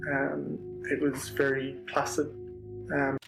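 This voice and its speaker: A man's voice: medium pitch, monotone, slow, vocal fry, poor audio. A man in a recorded police interview, speaking hesitantly with many ums and restarts. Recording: archive interview audio with music under it.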